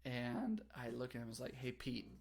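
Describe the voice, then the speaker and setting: A young man on a casual livestream, telling a story with animated delivery, big pitch jumps and laughter. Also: a little fast, creaky. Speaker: streamer.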